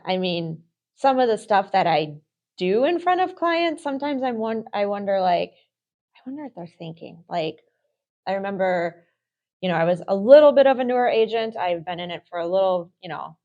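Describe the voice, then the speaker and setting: A woman's voice: lowish voice, a little mellow, muffled recording. A middle-aged woman co-hosting a real estate podcast, telling candid, self-deprecating stories in casual chat.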